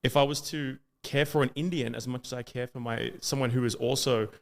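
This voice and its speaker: An Australian man giving an impassioned monologue, emphatic and often pausing on "uh" as he builds in intensity. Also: mid-range voice, fairly even intonation, creaky. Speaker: speaker.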